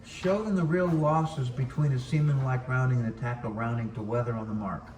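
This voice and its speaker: A man's voice: medium pitch, steady tone, brisk, darkish tone. A man in the audience of a sailing lesson, calling out a blunt, joking request to the instructor. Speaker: audience member. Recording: echoey room, distant mic, faint hiss.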